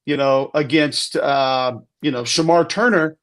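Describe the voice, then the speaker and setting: A man's voice: on the high side, a little slow. A man giving an emphatic, conversational football breakdown on a podcast, often restarting sentences. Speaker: football analyst guest. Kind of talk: casual sports podcast talk.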